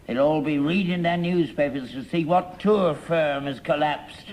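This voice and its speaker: A man's voice: fairly high pitch, unhurried, a little mellow. An actor playing a grumpy, stubborn old father, talking in a sour, grumbling way. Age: older. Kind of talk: 1960s-70s TV sitcom acting. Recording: hissy archive TV recording with far audience laughter.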